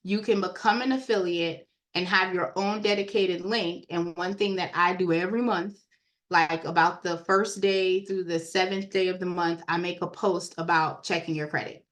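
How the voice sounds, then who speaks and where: A woman giving a casual, chatty walkthrough of credit repair software on a screen share, talking straight to her viewers. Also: on the low side, fairly even intonation, moderate pace. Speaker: software trainer.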